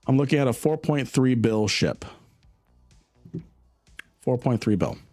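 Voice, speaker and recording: A man streaming a game, answering chat in a relaxed, rambling way with frequent laughter. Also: mid-range voice, a little slow, faint music behind. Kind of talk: casual live-stream chat.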